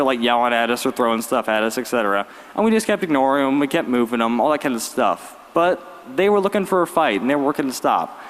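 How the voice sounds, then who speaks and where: A young man, giving a graduation speech as valedictorian with lively storytelling and wry humor. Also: fairly high pitch. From Virginia, US. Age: late teens. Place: large arena. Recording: long arena reverb.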